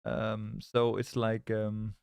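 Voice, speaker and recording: Young man, loose rambling stream talk, gravelly edge, dry close sound. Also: lowish voice, monotone, takes it slowly, a little mellow, no echo. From Scandinavia. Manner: rambling, repeats words and restarts, reads chat aloud. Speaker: live-stream trader. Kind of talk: casual live-stream chat.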